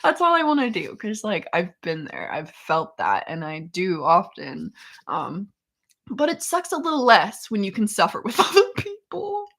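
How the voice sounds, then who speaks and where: A woman's voice: medium pitch, huge pitch swings, moderate pace, gravelly, a bit bright. A young woman hosting a casual livestream chat, reading viewers' comments, laughing often and trailing off with ums. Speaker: chronic illness vlogger hosting a live chat.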